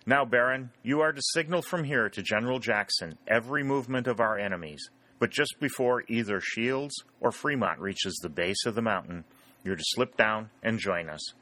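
A man reading an officer's orders aloud in an audiobook, steady and measured. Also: medium pitch. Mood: commanding. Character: male Confederate officer, commanding and measured.

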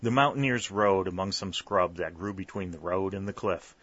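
A man narrating a story, with steady, even storytelling. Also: low voice, normal speed, slightly rough. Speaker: audiobook narrator. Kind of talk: scripted narration. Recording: slightly dull, dry recording.

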